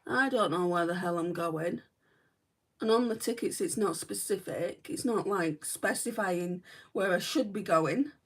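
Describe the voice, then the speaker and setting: A beauty vlogger with a northern English accent, from England's northwest, rambles casually as she does her makeup live, using "right" and "like" a lot. Her voice is on the low side and slightly rough, at a measured pace, caught on a distant mic.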